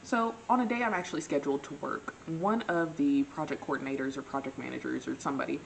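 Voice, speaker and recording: A young woman with a low, deep-set voice tells a dating story in a casual, dramatic way, full of playful asides. A faint hum sits behind her voice. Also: fast talker, vocal fry, rough recording. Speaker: vlogger.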